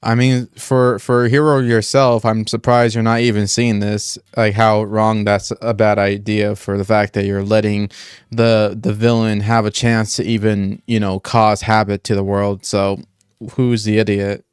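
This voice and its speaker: Young dude streaming, kinda low smooth voice, rambles a lot, says like every other word. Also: male voice, little pitch movement, measured pace, no echo, studio quality. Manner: rambling, full of "like" and restarts, talks through each step aloud. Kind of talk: casual live-stream chat.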